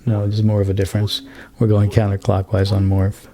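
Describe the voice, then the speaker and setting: A man casually explaining synthesizer settings step by step, in a relaxed hands-on demonstration. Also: fairly low pitch, fairly quick, vocal fry, soft background music. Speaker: synth tutorial host. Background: synthesizer sounds playing.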